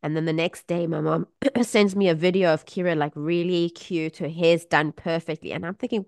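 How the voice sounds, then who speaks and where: A woman's voice: fairly low pitch, fairly quick, no room sound, studio quality. A woman co-hosting a podcast, chatting casually and acting out the voices of people in her stories. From South Africa. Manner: animated storytelling, acts out quoted voices. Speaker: podcast co-host. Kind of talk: casual chat.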